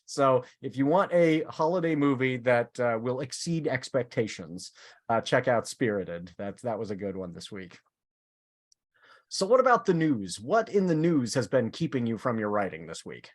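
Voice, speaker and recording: A man hosting a podcast in casual chat, animated and full of fillers and restarts. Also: mid-range voice, normal speed. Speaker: podcast host.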